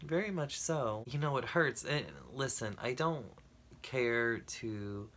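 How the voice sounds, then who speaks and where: A man's voice: mid-range voice, takes it slowly, a bit bright. A man talking candidly to camera in a personal vlog, blunt and emotional, swearing freely as he rambles. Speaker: vlogger.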